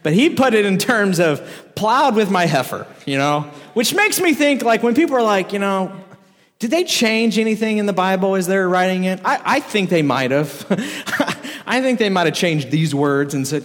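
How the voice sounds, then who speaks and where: A man's voice: high-pitched, normal speed. A man preaching a casual, joking sermon to a crowd, telling a story with frequent laughs. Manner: joking, animated, laughs often. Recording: echoey hall reverb.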